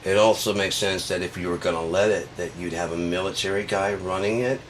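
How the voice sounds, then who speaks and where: A man's voice: sits low, fairly even intonation, fairly quick, slight background noise. A man delivering a sarcastic, profane comedic rant.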